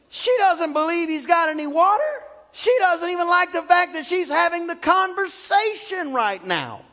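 A man's voice: extremely high pitch, a bit bright. A male pastor preaching a fervent, storytelling sermon with frequent exclamations, in a library used for church. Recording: long reverb in a library.

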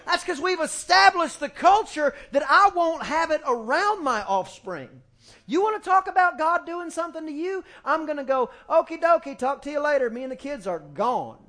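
High-voiced man preaching a folksy sermon. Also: moderate pace. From small-town US. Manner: folksy and animated, acting out family quotes. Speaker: pastor. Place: church sanctuary, music faint behind. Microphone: handheld microphone.

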